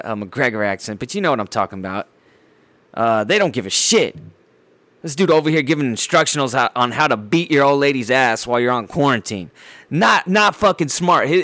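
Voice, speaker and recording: This solo podcast host speaks at a moderate pace in a medium pitch, with no room sound. His casual rant is blunt, animated and loaded with swearing, plus lots of fillers and repeated words.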